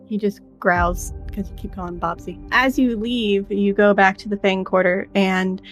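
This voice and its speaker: A woman's voice: medium pitch, fairly even intonation, moderate pace, soft background music. A woman running a tabletop game as game master, narrating in a loose, casual way with lots of "like".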